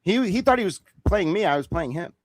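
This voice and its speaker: Brief: male guest, higher-set voice, profane and excitable storyteller, bone-dry close mic. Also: dry recording. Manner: profane, rapid, excitable, acts out quotes. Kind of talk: animated storytelling in conversation.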